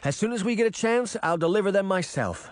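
A man's voice: sits high, animated, fast talker, no echo, clean studio sound, pitched above the performer's own voice. A man voicing a brave young girl who speaks with confidence. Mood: friendly.

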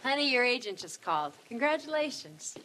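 A woman's voice: on the high side, big pitch swings, a little fast, background noise. A woman playing an affectionate wife in a sitcom. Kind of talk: sitcom acting.

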